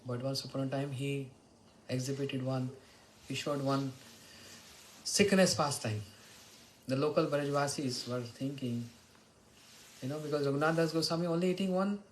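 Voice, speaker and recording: A man's voice: on the high side, fairly even intonation, moderate pace, pauses often, slight background noise, rough recording. Man giving a devotional talk. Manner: storytelling, chants Sanskrit and Bengali verses. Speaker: spiritual teacher. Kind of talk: devotional morning lecture.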